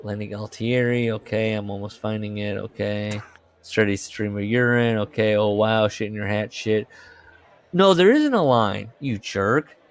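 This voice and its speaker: Low-voiced man reading and chatting loosely. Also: a little slow. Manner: loose, swearing, reads passages aloud with voiced characters. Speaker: podcast co-host. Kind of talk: casual chat and reading aloud.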